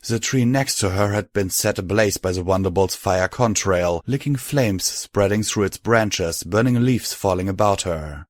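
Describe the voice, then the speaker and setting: Male audiobook narrator, lowish voice, dry close sound. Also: normal speed, few pauses, no echo. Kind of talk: scripted narration.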